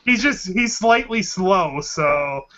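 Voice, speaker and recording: A man's voice: high voice, animated, slow pace, sharp tone, dull audio. A man co-hosting a casual podcast, blunt and exasperated, swearing freely. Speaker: podcast co-host.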